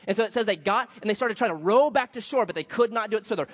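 High-voiced preacher in a reverberant hall. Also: male voice, fast talker. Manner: animated storytelling, acts out quoted voices. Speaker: pastor. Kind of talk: sermon. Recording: dull sound with long hall reverb.

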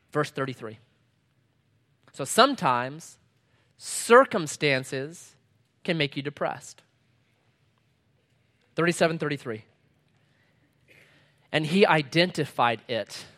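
A middle-aged pastor delivers a sermon in a slightly higher-pitched man's voice. He punches out short lines with force, then drops low and soft for asides. Scripture he reads slowly and with weight. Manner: emphatic, swings between loud punchy lines and quiet low asides.

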